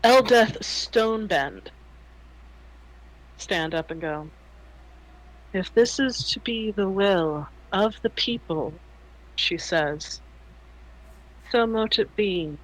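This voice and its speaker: A man's voice: high-pitched, expressive, fairly bright tone, low-quality recording. A man narrating a tabletop game as game master, telling the story unhurriedly. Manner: unhurried storytelling, casual swearing.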